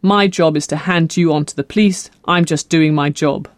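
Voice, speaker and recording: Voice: mid-range voice, normal speed, no echo, natural voice. An audiobook reader voicing a young male store detective who talks curtly and by the rules. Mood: stern.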